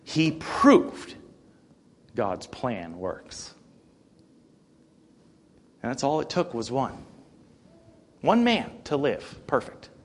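A man preaching a sermon, animated, swinging between quiet and loud delivery. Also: medium pitch, very slow, pauses often.

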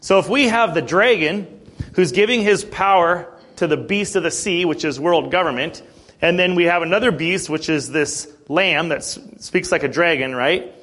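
A man teaching a morning Bible class in a conversational way, often clearing his throat and checking in with "okay?" and slowing to stress key words when he reads scripture. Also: on the high side, fairly bright tone.

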